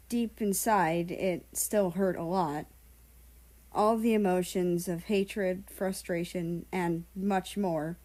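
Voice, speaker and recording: A woman narrates a story aloud in a calm, measured way. Her voice is low, dark and mellow, and she takes her time over every line. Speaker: fan fiction reader. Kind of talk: audiobook narration.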